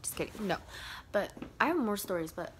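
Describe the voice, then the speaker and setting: A young woman telling a casual storytime on her vlog. She rambles, leans heavily on "like", and sometimes drops into a soft whisper. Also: mid-range voice, lively intonation, brisk, a little hiss or hum. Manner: rambling, heavy use of "like" fillers. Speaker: vlogger.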